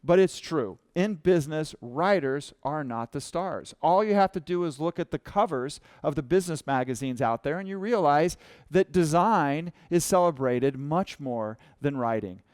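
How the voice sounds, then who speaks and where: A man with a fairly high voice delivers a storytelling talk as a writer from the experience design business. He speaks conversationally and brings in the voices of other people as he recounts events. His voice is close and dry, with no room echo. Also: a little mellow, clear, resonant tone. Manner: conversational storyteller who acts out quoted dialogue.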